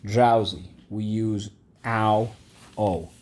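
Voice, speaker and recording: The man speaks very slowly in a low, slightly mellow voice with fairly even intonation. His vocabulary and phonics lesson is patient, with each word repeated and echoed by the class.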